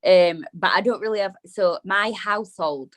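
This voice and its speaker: A woman's voice: medium pitch, normal speed. Bubbly young British woman guest. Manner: bubbly, laughs often. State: speaking with a freshly fitted dental brace. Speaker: interview guest. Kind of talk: casual interview chat.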